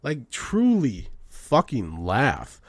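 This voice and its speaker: A man hosting a show, ranting in a profane comedic way and swinging between loud outbursts and low mutters. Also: wildly swooping pitch, very slow, breathy edge, no room sound, studio quality. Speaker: podcast host.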